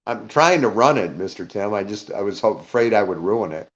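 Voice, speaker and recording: A man's voice: on the low side, expressive, a little fast, dull audio. A man speaking as a guest on a live audio panel in casual chat, rambling, greeting listeners by name and checking he caused no offence.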